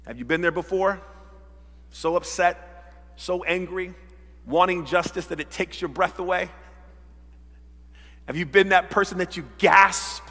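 A male pastor preaching a sermon, dramatic, acting out quoted voices and swinging from loud to hushed. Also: high-pitched, measured pace, pauses often, big-room sound. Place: church sanctuary.

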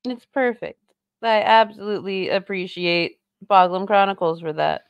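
A woman's voice: mid-range voice, fairly even intonation, normal speed, gravelly, clear, resonant tone, no echo, highs cut off. A woman streamer giving casual commentary on clips and reading chat, sarcastic, blunt and mocking.

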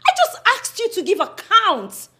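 Woman as defiant young woman, nigerian accent, very high voice, lively, bright, taunting. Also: normal speed, full character voice. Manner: taunting, confrontational. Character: defiant young woman Adaku, confronting her uncle. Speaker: daughter.

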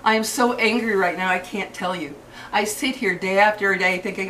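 Older woman, vlog rant, angry and profane, stumbles and restarts, mid pitch, recorded from a distance with faint hiss. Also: fairly bright tone. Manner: furious, cursing, halting restarts. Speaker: vlogger.

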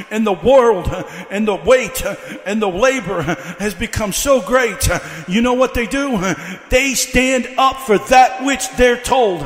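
A man's voice: very high-pitched, fairly bright tone. A male evangelist preaching a fiery revival sermon, breaking his lines with "uh" and building by repeating the same questions. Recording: echoey hall.

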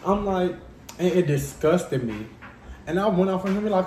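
A man telling a dramatic personal story to his vlog viewers in a lively, casual way. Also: medium pitch, a little fast, echoey room, a little hiss or hum. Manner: animated, dramatic storytelling addressing viewers as y'all. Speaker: vlogger.

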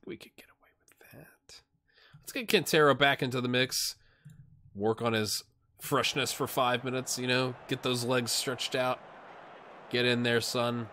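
A man doing a tired but excitable, jokey play-by-play while he plays a game on video, with asides to his viewers. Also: mid-range voice. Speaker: gaming YouTuber. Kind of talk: let's play commentary.

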